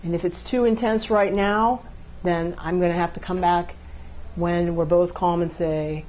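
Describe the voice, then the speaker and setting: A woman's voice: lowish voice, steady tone, a little slow, darkish tone. A woman instructor giving a classroom lecture on communication, repeating key phrases and checking in with her listeners. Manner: acts out couples' dialogue to illustrate.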